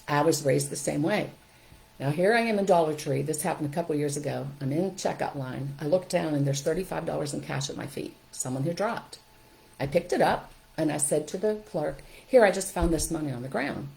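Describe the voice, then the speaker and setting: An older woman talks to her viewers in a lowish voice, giving parenting advice. She tells stories and acts out children and adults in them, her pitch leaping up for the voices. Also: brisk, creaky, low-quality recording. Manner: animated storytelling, acting out quotes with a raised, lively voice. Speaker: parenting educator and host. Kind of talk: live-streamed talk to viewers.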